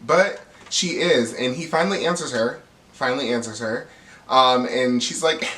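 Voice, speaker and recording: A man's voice: medium pitch, normal speed, roomy sound, distant mic. Gossipy man recapping reality TV. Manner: gossipy and animated, acts out quotes with laughs. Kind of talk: casual recap commentary.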